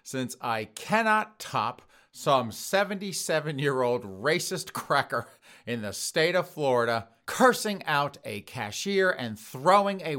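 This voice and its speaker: Animated man telling a comic story. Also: medium pitch. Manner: animated, addresses listeners as folks. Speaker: podcast host.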